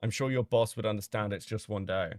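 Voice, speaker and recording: A man streaming casually as he reads out chat logs and reacts with sudden loud disbelief and swearing. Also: fairly low pitch, fairly quick, dry recording, studio quality.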